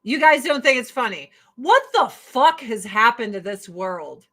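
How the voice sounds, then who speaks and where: A woman's voice: a little high, very animated, measured pace, sharp tone, rough recording. A woman hosting a casual commentary stream, ranting sarcastically and swearing freely. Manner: sarcastic, profane, exasperated.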